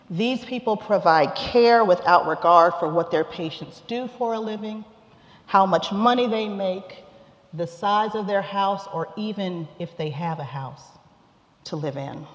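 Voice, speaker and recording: Slow, measured preacher in an echoing sanctuary. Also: mid-range voice. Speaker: lay preacher. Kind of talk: scripture reading and sermon. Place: church sanctuary. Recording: echoey hall, dull sound.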